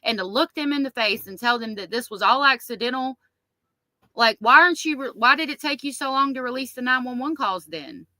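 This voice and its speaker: Woman host, loud and animated, bright forceful voice, dry close sound, casual stream chat. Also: high voice, a little fast, dry recording, low-quality recording. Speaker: livestream host reading chat. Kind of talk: casual true-crime chat.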